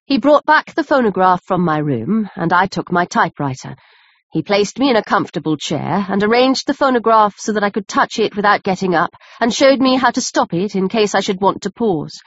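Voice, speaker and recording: A woman narrating a classic novel as an audiobook reader in a steady storytelling manner. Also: medium pitch, fairly quick, no room sound. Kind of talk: scripted narration. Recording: dry, slightly muffled lo-fi recording.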